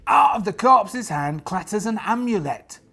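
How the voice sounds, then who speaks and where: A man hosts a solo tabletop game with a gravelly, husky voice that swings up and down as he talks. He is chatty and full of jokey asides, and his voice sounds tired and strained. Faint music plays underneath. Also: sits high, expressive, unhurried, bright, forceful tone.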